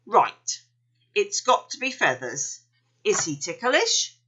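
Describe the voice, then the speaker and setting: A woman's voice: medium pitch, sing-song, fairly bright tone, slightly rough, lo-fi sound, heavily acted. Big Red, a woman voicing a bossy kangaroo. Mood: brisk. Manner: brisk, commanding. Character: bossy male kangaroo leader, brisk fixer.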